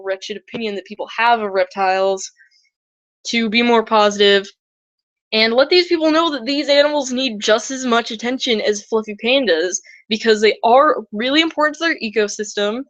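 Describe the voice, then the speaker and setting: A young woman with a fairly high voice chats earnestly about animals she loves, tripping over her words and restarting often. The sound is dry and close, a little dull and lo-fi. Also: a bit bright, dry recording. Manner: earnest, chatty, mimics other people in high squeaky voices. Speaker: reptile conservation vlogger. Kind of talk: casual educational vlog.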